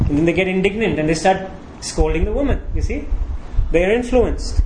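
A man's voice: sits high, fairly quick, background noise. A pastor preaching a sermon, walking his congregation through scripture with frequent rhetorical questions.

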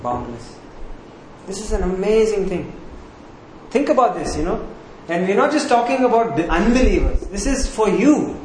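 This sermon comes from a man whose high-pitched voice is expressive and a little mellow, at a moderate pace. He stresses key words through repetition and asks rhetorical questions. The recording carries echo from the room and faint noise behind.

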